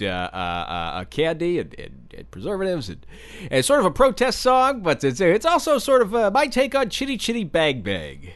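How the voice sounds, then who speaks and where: A man hosting a comedy podcast as a self-important acting coach, rambling in a halting, stumbling way full of fillers and absurd tangents. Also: mid-range voice, a bit bright. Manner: halting, stumbling over words with many fillers. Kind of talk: rambling deadpan comedy monologue.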